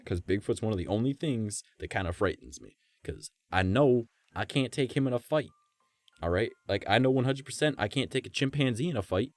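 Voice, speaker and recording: Lively low-voiced male streamer. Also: brisk, no room sound. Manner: animated, profane, keeps checking in with "right?". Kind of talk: casual storytelling on a live stream.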